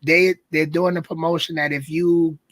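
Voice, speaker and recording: Laid-back co-host with a Brooklyn accent. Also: male voice, a little high, flat delivery, normal speed, a bit bright, dry recording. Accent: Brooklyn New York. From Brooklyn, New York. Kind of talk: casual show chat.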